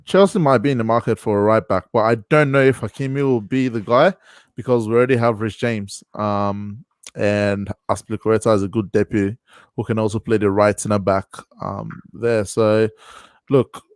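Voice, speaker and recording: A man on a video call giving casual football analysis in a measured way, with many ums. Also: fairly low pitch, steady tone, no room sound, clean studio sound. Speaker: panelist.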